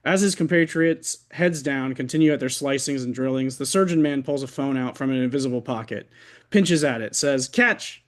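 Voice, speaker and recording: A man at an open mic reading his own fiction aloud over a video call, in a wry, deliberate way. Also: mid-range voice.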